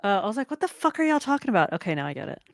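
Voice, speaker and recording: A woman's voice: medium pitch, sing-song, very fast, creaky, no room sound, studio quality. A woman guesting on a casual podcast, blunt and profane in her remarks. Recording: loud background noise.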